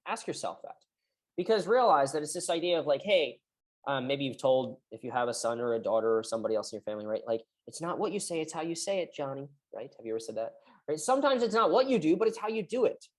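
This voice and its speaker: A woman's voice: very deep voice, lively intonation, fast talker. A woman physical therapist explaining recovery in a conversational way, often checking in with "right?". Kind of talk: direct-to-camera health talk.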